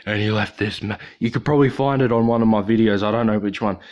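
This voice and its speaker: A man's voice: on the low side, fairly even intonation, fast talker, a little mellow, highs cut off. An Australian man hosting a livestream, talking in a rambling, profane, joking way. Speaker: livestream host. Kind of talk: casual livestream chat.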